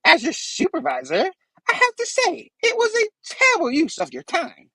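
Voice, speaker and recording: A man doing a cackling goblin villain who taunts his enemy, pitched far above his normal voice, and swoops up and down in long, drawn-out lines. The sound is dry and close, with no room around it. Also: huge pitch swings, pushed and bright, dry recording, heavily acted. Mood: taunting. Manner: mocking, drawn-out menacing delivery. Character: gleeful taunting male supervillain goblin.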